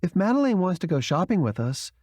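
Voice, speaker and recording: Audiobook: male narrator voicing a courteous young bride-to-be, lively lilt, dry close sound. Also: high voice, a little fast, no echo, voice pushed up. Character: young woman, polite and composed bride-to-be. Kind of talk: audiobook character reading.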